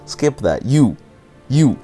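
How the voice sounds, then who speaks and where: A man's voice: mid-range voice, big pitch swings, takes it slowly, dark tone, husky. A man hosting a game session, reading the game's text aloud and often stumbling and giggling over the words. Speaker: channel host. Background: game music.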